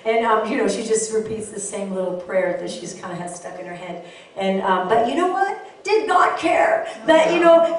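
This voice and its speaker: An older woman pastor preaching a lively sermon, telling stories and drawing call-and-response from her congregation. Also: mid-range voice, moderate pace, heavy reverb, distant mic, crowd noise. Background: congregation responding amen.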